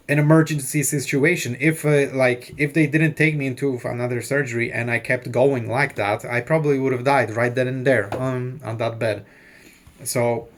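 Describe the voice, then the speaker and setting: A man in his thirties telling a long personal story in a loose, rambling way, full of fillers and swearing. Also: medium pitch. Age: 30s. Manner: rambling, heavy use of "like" and swearing. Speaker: vlogger. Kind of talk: casual storytelling.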